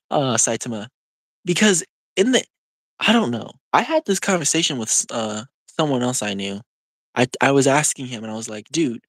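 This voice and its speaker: Young adult streamer, casual live chat, animated and rambling, dry room. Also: medium pitch, no echo. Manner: rambling, full of "like" and quick laughs.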